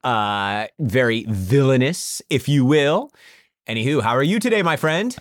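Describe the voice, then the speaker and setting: A young man co-hosting a podcast in a casual chat, rambling and halting with lots of "uh" fillers. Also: mid-range voice, lively intonation, dry recording, studio quality. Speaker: podcast co-host.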